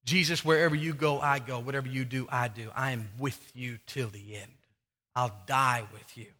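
A man's voice: mid-range voice, fairly even intonation, moderate pace, bright, forceful tone, in a large hall, pitched below the performer's own voice. A male preacher voicing a proud, loyal disciple who boasts he will never run, in a sermon. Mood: boastful. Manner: boastful, defiant.

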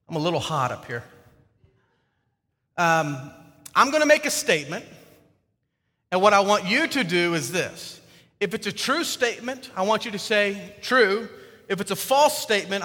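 This male pastor's voice is high, pushed and bright as he delivers a sermon in a church sanctuary. He keeps it conversational, trading jokes with the congregation, and the sound rings with long hall reverb.

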